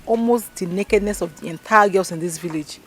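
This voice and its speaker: A woman's voice: mid-range voice, brisk, faint music behind, natural voice. An actress with a Nigerian accent playing a scornful young village woman. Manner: scornful, indignant. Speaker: village girl. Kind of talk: film acting.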